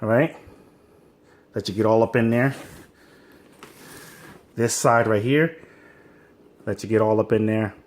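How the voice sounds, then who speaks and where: Man, low voice, laid-back, rambling, slangy, casual unboxing chat, home kitchen, phone on a stand. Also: a little slow, pauses often, a little mellow. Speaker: unboxing vlogger. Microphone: phone on a wobbly stand.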